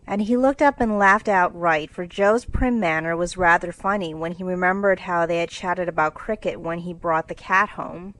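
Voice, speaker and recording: A woman narrating a classic storybook for English learners in a clear, measured reading voice. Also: lowish voice, low-quality recording.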